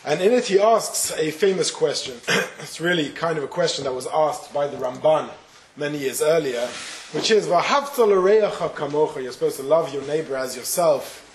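A rabbi telling a parable and giving a spoken Torah lesson, with small hesitations. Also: male voice, fairly high pitch, normal speed. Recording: roomy echo, faint noise.

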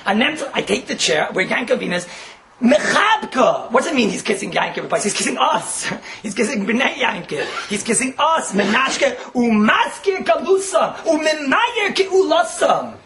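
A man teaching a Torah class and telling stories, animated and often laughing as he talks. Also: high voice, brisk, creaky.

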